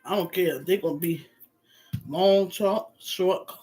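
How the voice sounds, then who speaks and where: A woman chatting casually on a live stream, shifting between bright greetings and quiet murmurs. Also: fairly low pitch, slow, soft background music.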